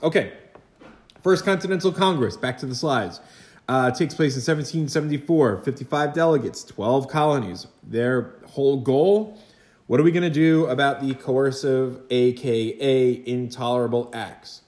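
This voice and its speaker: A man's voice: mid-range voice, a little mellow. Chatty male history teacher, echoey room. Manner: chatty, rhetorical asides and quick acted quotes. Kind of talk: recorded lecture for students.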